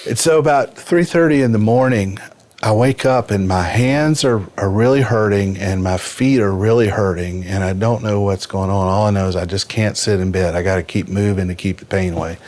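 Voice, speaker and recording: A man's voice: fairly low pitch, moderate pace, darkish tone. A man in his fifties telling a personal story as a podcast guest, earnest and vivid. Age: 50s. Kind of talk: personal story in a casual interview.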